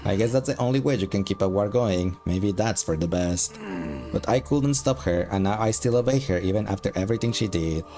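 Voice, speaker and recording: A bitter male demon soldier full of self-hatred, as a man reads him in his own low voice. He swears constantly in a flat monotone, and faint game music sits underneath. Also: brisk, natural voice. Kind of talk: game dialogue read aloud.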